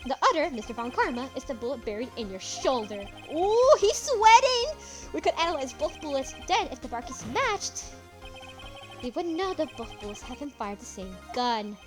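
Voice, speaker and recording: A woman voicing a confident young male defense lawyer from a courtroom game, speaking in a measured, pressing way. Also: high-pitched, animated, music in the background. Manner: measured, building to triumphant.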